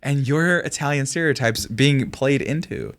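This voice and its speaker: A man's voice: medium pitch, moderate pace. A man co-hosting a comedy podcast, telling stories in a loose, joking way and laughing often. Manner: animated storyteller, laughs often. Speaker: podcast co-host. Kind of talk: casual comedic chat.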